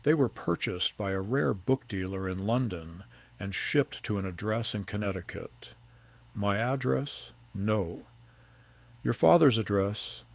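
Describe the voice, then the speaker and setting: Gravelly older male storyteller. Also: lowish voice, measured pace. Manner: calm, steady storytelling. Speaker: narrator. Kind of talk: scripted first-person story narration.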